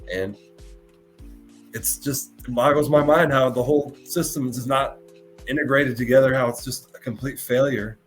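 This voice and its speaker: An earnest man hosts a live podcast and talks in a halting way, often repeating and restarting his words as he goes. His pitch sits in an ordinary middle range, and faint music plays behind him. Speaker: podcast host.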